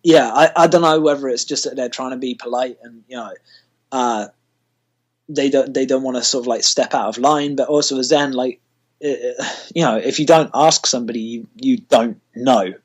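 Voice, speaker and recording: A man's voice: mid-range voice, normal speed, breathy edge. A British man being interviewed as a wrestler, telling stories in a rambling, casual way full of fillers. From Britain.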